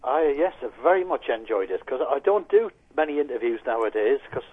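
A man calling in by telephone as a musician guest, chatting in a relaxed way about upcoming gigs. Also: medium pitch, brisk, slightly rough, phone-quality sound. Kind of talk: phone interview.

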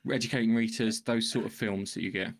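A man's voice: lowish voice, fairly even intonation, fast. A man co-hosting a podcast, retelling a film plot in a loose, rambling way, hunting for words and swearing casually. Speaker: podcast co-host. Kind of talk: casual film review chat.

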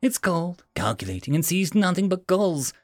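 A man voicing a mocking, shapeshifting female machine envoy who talks slowly and teasingly. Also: sits high, sing-song, no echo, clean studio sound, soft background music, voice pushed up. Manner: smug, teasing, slow and deliberate.

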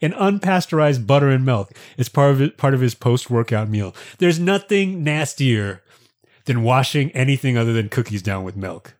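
A man's voice: medium pitch, animated, normal speed, darkish tone. A man co-hosting a casual chat, making playful jokes and reactions. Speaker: podcast co-host.

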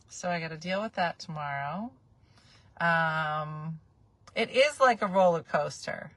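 A woman in her forties telling a casual, animated story from a moving car, often acting out the people she quotes. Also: deep voice, unhurried. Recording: car road noise behind.

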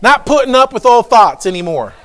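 High-voiced preaching man. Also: big pitch swings, fairly quick. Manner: emphatic and repetitive, swings from low asides to shouts; folksy, joking asides. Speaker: pastor. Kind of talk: sermon.

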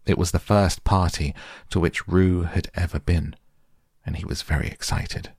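A man narrating a children's storybook aloud in a gentle, unhurried storytelling manner. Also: sits low, fairly even intonation, husky, no echo, clean studio sound.

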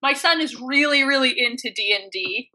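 A woman in her thirties telling funny stories in casual chat, animated and quick to act out quotes in voices. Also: high voice. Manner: animated, acts out quotes in voices, laughs often. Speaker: podcast guest. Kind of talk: casual storytelling.

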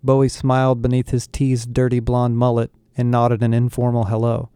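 A man's voice: mid-range voice, completely flat delivery, moderate pace, warm tone, smooth, no echo. A man narrating a story in an audiobook in a wry storytelling manner.

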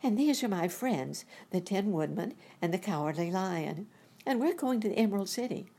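A woman voicing an eager, polite young girl in a storybook reading, with a husky voice. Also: medium pitch, lively intonation, normal speed, warm tone. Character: earnest brave young girl.

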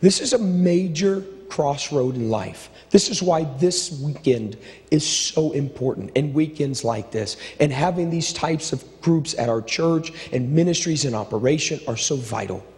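A middle-aged male pastor preaching a sermon with impassioned, repetitive phrasing, swinging between stirring build-ups and low, quiet asides. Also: lively intonation, a little slow. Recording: long reverb of a large hall.

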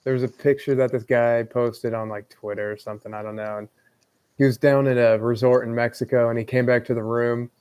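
A man co-hosting a podcast, telling a story in a laid-back, drawn-out way. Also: medium pitch, level tone, darkish tone, clean tone, dry recording. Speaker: podcast co-host. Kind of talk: casual podcast chat.

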